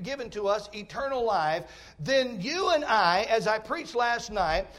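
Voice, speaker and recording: A man preaching a fervent revival sermon in a church auditorium, often rising to emphatic shouts. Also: very high voice.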